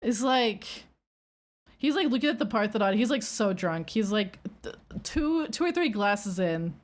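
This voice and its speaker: A woman streamer chatting casually with her viewers, telling a rambling story in an animated way and squealing when she gets excited. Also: medium pitch, a little slow.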